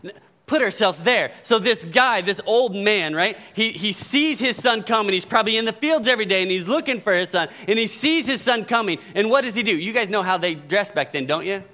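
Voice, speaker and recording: A man's voice: sits high, lively intonation, a little fast, sharp tone. A man preaching a sermon in a conversational way, often checking in with the congregation. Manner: conversational preaching, frequent "right?" asides. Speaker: pastor.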